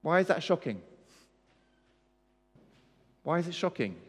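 A man preaching with emphasis, pitched a little high and putting questions to his congregation. His voice rings with a long reverb in a church hall. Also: very animated, measured pace. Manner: emphatic, asks the audience questions. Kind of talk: sermon.

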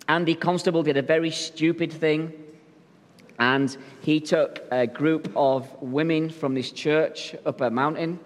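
A man's voice: fairly high pitch, steady tone, a little slow, in a large hall. A male pastor preaching a sermon in a church, telling stories in a jokey, conversational way. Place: church sanctuary.

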